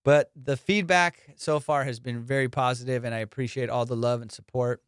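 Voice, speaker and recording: A man hosting his comedy podcast in casual chat, telling profane, animated stories and laughing often. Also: mid-range voice, brisk, smooth, no room sound, studio quality.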